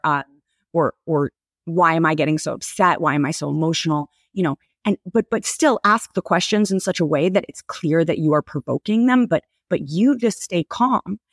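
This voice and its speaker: Woman, deadpan sarcasm, mock-serious podcast banter, dead-dry close sound. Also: on the low side, normal speed, no room sound. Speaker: guest, public defender.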